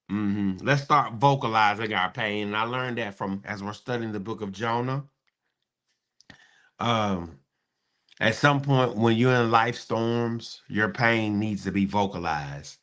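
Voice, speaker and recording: Playful jokey man hosting a casual chat. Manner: playful, jokey, sarcastic, with sudden high excited bursts. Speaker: host. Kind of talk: casual live-stream chat.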